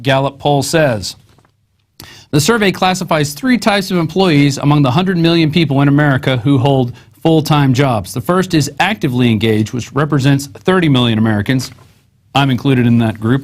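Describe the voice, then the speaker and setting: A man's voice: fairly high pitch, normal speed. A man hosting a news show, reading articles aloud and adding sarcastic, conversational asides.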